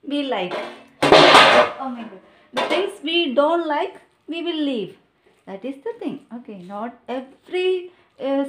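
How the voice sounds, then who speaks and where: A woman's voice: high-pitched, heavy background noise. A woman making a casual cooking vlog at home, chatty and laughing at her own mistakes. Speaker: cooking vlogger. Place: home kitchen. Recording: home kitchen with clattering dishes.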